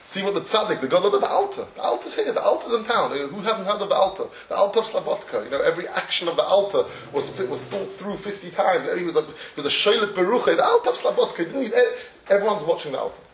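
Animated man teaching from a distance. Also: sits high, fast talker, few pauses. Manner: animated, with many restarts and chuckles. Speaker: Torah teacher. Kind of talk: Torah lecture with storytelling. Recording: echoey room, distant mic, faint ambience.

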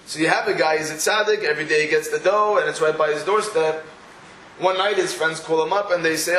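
A man giving an animated Torah class, telling stories and acting out the people he quotes. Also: fairly high pitch, fast. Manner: animated storytelling with quoted voices. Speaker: rabbi. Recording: roomy echo with faint room noise.

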